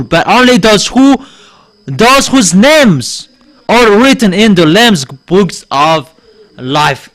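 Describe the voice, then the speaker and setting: A man from Madagascar, a native Malagasy speaker, preaching a sermon in English with emphatic declarations and frequent halting pauses. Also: high-pitched, big pitch swings, a bit bright. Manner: halting, with many uh pauses and restarts.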